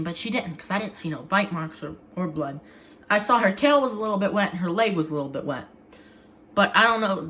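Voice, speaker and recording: A woman talking in a casual home vlog, halting and often restarting her sentences. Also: mid-range voice, pushed and bright. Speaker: vlogger.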